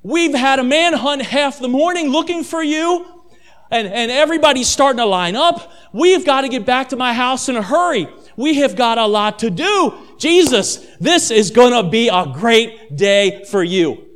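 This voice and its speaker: An eager, pushy apostle, acted out by a man preaching pleads to hurry back to the waiting crowds. The voice sits high and talks fast and loud, in a rushed, excited rush of urging. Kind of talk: dramatized sermon retelling.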